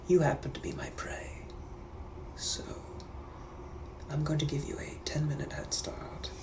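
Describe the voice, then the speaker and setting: A man with a fairly high voice plays a suave, menacing British gentleman of the 1800s, speaking in a British accent for a comedic POV role-play. He drawls and flirts in a breathy, often whispered voice, coming across as flirtatious and softly threatening.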